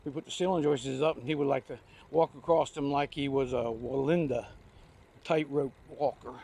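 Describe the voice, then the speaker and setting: A man's voice: medium pitch, steady tone, moderate pace, dark tone, slight background noise. An older man telling rambling, folksy anecdotes in homespun speech while out on a trike ride. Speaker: vlogger. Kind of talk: casual storytelling while riding. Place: outdoors on a recumbent trike ride.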